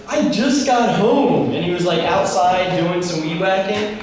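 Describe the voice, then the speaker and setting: This young man's voice sits high; he's unhurried and barely pauses. As a youth speaker, he gives an animated, rambling storytelling talk to teens in a large room, acting out dialogue. The recording is very echoey and distant.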